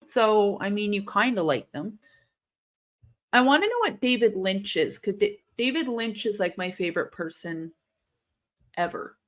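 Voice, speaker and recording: In a mid-range voice, a woman leads a live watch-along stream, casually talking, responding to her chat, and now and then exploding with excitement at the action.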